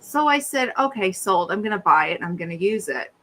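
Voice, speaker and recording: A woman's voice: medium pitch, a little fast. A middle-aged woman co-hosting a casual chat, telling funny stories and acting out the people in them. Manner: animated, acts out quoted voices. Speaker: podcast co-host.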